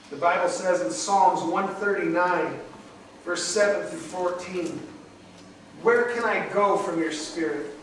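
A man's voice: high voice, measured pace, a bit bright, a little hiss or hum. A middle-aged man preaching a sermon as pastor, emotional and swelling in volume as he speaks. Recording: very echoey hall, distant mic.

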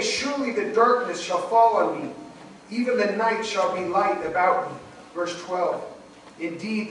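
In a heavily echoing hall, a middle-aged pastor delivers a sermon with raw emotion, heard from a distance. His high-pitched voice rises in swells of volume and sounds a bit bright, with faint noise lingering beneath.

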